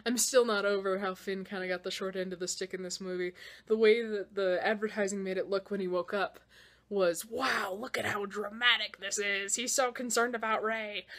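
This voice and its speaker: A young woman giving a casual, excitable movie reaction rant, swearing freely and swinging between loud outbursts and low mutters, a little winded. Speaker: vlogger.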